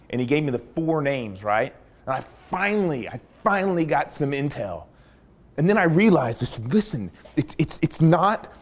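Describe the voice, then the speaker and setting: Man, middle-aged, former interrogator, storytelling, animated, lively pitch. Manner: animated storyteller, acts out dialogue. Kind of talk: storytelling talk.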